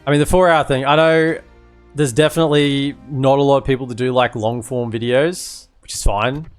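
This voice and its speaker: A man's voice: medium pitch, fairly even intonation, moderate pace, smooth, faint music behind. A man casually commentating his live strategy game stream, rambling and chatty with lots of fillers.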